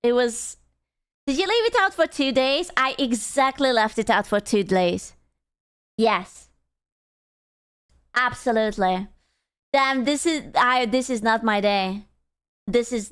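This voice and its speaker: A woman's voice: fairly high pitch, slow, pauses often, clean tone. A woman streamer chatting casually with her viewers, dramatic and self-deprecating, swearing freely.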